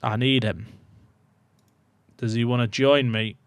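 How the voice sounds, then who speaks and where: A young man giving casual, excitable commentary on his game to his chat, swinging from muttering to loud outbursts. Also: mid-range voice, slow pace, clean tone, no room sound. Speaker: gaming YouTuber.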